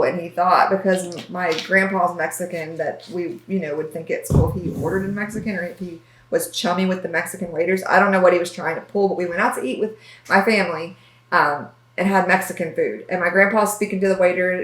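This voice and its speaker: A young woman co-hosting a casual chat, telling animated, giggly stories. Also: lowish voice, fairly quick, echoey room, rough recording. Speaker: co-host.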